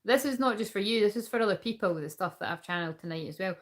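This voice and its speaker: A woman's voice: mid-range voice, lively intonation, fast talker. A woman giving a livestreamed tarot reading, chatting casually with her viewers and swearing freely. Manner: talks to viewers and chat while reading cards. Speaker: tarot reader.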